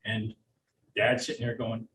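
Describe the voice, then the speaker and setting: An older man, a retired child neuropsychologist, giving a blunt, folksy talk to parents and acting out parents and teachers in quick asides. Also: a little high, expressive. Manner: blunt, folksy, plain-spoken. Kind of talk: public lecture to parents. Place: meeting room or auditorium. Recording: roomy, from a distance, faint hiss.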